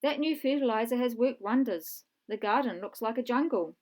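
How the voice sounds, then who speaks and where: A woman voicing a kindly, cautious older male professor in a children's storybook reading, brisk and reassuring. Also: fairly high pitch, darkish tone, natural voice. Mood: calm.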